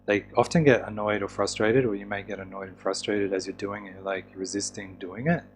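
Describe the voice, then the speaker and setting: A man teaching a course on tapping therapy in a relaxed, casual way, with fillers and restarts. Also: fairly low pitch, fairly quick, faint music behind. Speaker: EFT teacher.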